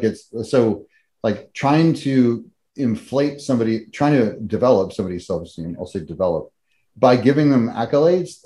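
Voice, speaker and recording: A man talks on a podcast with a mellow, low voice. He explains his points with lots of stops and fillers, often repeating himself to find the words. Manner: hesitant, filler-heavy explaining. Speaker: podcast guest. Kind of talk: casual podcast discussion.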